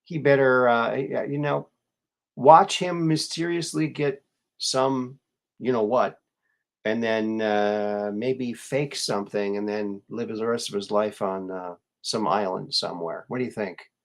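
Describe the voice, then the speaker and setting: A man's voice: lowish voice, steady tone, a little slow, vocal fry. A man hosting a casual live show, musing and rambling with many fillers and restarts as he greets viewers. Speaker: show host.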